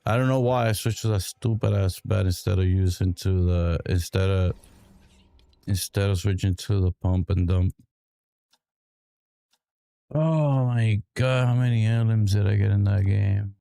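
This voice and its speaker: A man's voice: low-pitched, creaky, mellow, dry recording, clean studio sound. A young man streaming a game live through a headset, muttering frustrated, self-critical commentary to himself. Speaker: gaming streamer.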